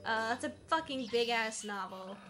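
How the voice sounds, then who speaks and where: A woman's voice: a little high, normal speed, bright, forceful tone, soft background music. A woman co-hosting a casual gameplay chat, blunt and swearing freely, with many filler sounds. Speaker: co-host. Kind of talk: casual chat during a game playthrough.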